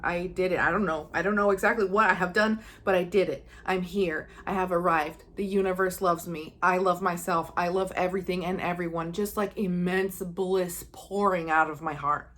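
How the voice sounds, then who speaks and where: A woman's voice: fairly low pitch, fairly even intonation, moderate pace, few pauses, fairly bright tone. A young woman, a psychic medium, earnestly telling a personal story to her viewers and acting out her own thoughts with feeling. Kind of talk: casual personal storytelling to camera.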